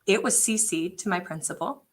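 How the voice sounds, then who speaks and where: A woman in her forties, a tech integration specialist, telling an animated story in a casual panel chat and acting out the quotes. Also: lowish voice, moderate pace.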